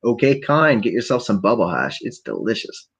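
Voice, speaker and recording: A man's voice: on the low side, big pitch swings, normal speed, fairly bright tone, breathy edge. Rambling, profane stoned man. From Canada. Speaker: podcast host. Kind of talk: rambling late-night solo stream. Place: home at night, keeping quiet for neighbors. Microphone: laptop.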